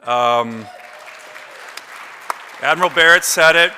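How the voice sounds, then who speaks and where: Bright-voiced man speaking in a big hall. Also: on the high side, takes it slowly, a faint crowd, a little hiss or hum. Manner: chatty anecdotal storytelling with many fillers. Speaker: award recipient giving a speech. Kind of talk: after-dinner acceptance speech. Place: large banquet hall. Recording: long reverb of a big hall.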